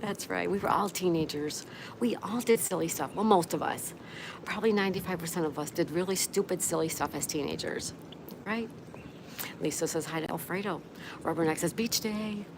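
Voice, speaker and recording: A woman with a low, gravelly voice hosts a relaxed livestream chat. She reads out viewer comments one after another and replies to each in a friendly, chatty way. Steady background noise runs under her voice. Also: normal speed. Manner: reads viewer comments aloud and answers them. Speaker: livestream host.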